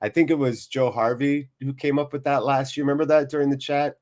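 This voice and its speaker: A man's voice: medium pitch, little pitch movement, brisk, a little mellow. Upbeat male stream host, casual jokey chat with viewers, mid-range voice. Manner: upbeat, jokey, chatty, reads out viewer comments. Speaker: host of a live football watchalong.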